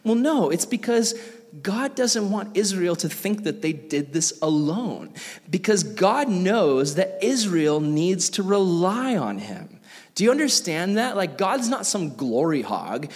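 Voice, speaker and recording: Animated young man teaching in a hall. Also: high-pitched, a little slow, breathy edge. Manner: animated, jokey, acts out quoted characters. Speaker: youth Bible teacher. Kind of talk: casual Bible teaching. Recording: echoey hall.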